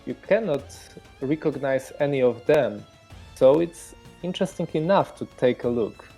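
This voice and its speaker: A man's voice: mid-range voice, animated, moderate pace, vocal fry, dark tone, breathy edge, faint music behind. A man with a Polish accent narrating as game master of a horror tabletop game, hesitant and full of fillers. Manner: hesitant, many fillers, searching for words.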